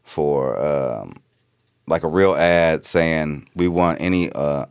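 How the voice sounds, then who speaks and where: A man co-hosting a comedy podcast, laid-back, pitching ideas and giving frequent agreeing murmurs. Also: slow, clean tone. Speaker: podcast co-host. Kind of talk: casual comedy podcast chat.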